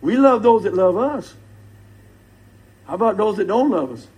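A man's voice: high voice, big pitch swings, normal speed, a little mellow, breathy edge, low-quality recording. An older man preaching a sermon in a fervent, folksy way, calling out to the congregation.

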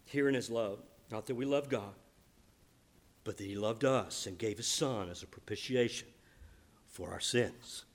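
A man preaching a sermon as pastor, earnest and emphatic, moving between quiet reflection and loud, stressed declarations. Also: on the low side, unhurried, pauses often.

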